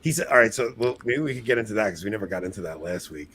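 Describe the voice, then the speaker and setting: A man's voice: fairly low pitch, expressive, rapid-fire, fairly bright tone, slight background noise. A young man co-hosting a podcast in casual chat, rambling and self-mocking with frequent laughs. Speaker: podcast co-host.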